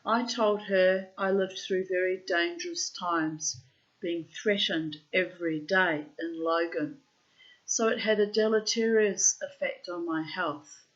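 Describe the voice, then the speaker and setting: A woman's voice: on the low side, fairly bright tone, highs cut off. A woman reading her old diary posts aloud and commenting on them bluntly, with frequent swearing.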